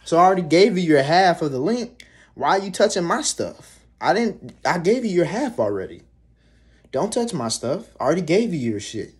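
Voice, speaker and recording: A man's voice: a little high, sing-song, moderate pace. A young man venting in a casual, rambling monologue, swearing freely and sounding fed up. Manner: profane, rambling, exasperated. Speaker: vlogger.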